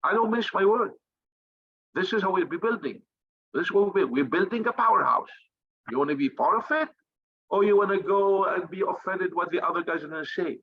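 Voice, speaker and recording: A man's voice: sits high, animated, fairly quick, husky, muffled recording. A man who leads a think tank, giving a fiery, profane motivational talk with blunt, combative emphasis and lots of repetition.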